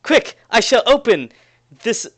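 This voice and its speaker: A man's voice: very high-pitched, big pitch swings, a little slow, voice pushed up, heavily acted. A man voicing a boastful, theatrical young male student who turns timid at times, with grand proclamations and cackling laughs. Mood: grandiose.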